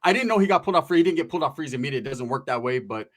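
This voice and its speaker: A man telling a rambling story in a profane, animated casual way. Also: mid-range voice, very fast.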